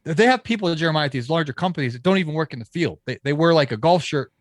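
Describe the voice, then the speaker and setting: A man with a fairly high voice tells a casual story from his landscaping business as a podcast guest. He is animated, slips into the voices of people he quotes, and restarts his sentences often. The sound is dry and close. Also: quick pace, no echo. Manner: animated storyteller who acts out quoted dialogue; frequent restarts and fillers.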